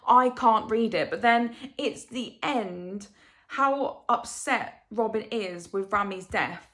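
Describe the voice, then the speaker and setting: A woman's voice: on the high side, slow pace, a bit bright. A young woman vlogging a casual book review, rambling emotionally and asking rhetorical questions.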